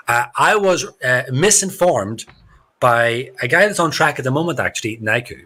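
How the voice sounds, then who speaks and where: A man doing excitable, chatty, joking commentary on a live sim racing stream. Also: a little high, a little fast. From Ireland. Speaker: race commentator. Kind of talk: live esports race commentary.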